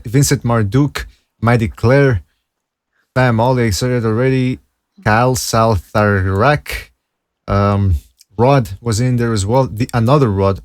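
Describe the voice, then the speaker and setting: A man's voice: mid-range voice, no echo, studio quality. Laid-back man hosting a podcast. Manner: laid-back, thanks guests by name. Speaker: podcast host. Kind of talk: casual chat.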